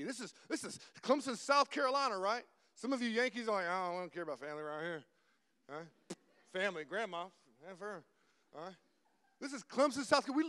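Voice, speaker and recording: A young man giving an animated sermon-style talk, often repeating words and dropping from loud to hushed. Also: high-pitched, in a large hall. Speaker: guest speaker.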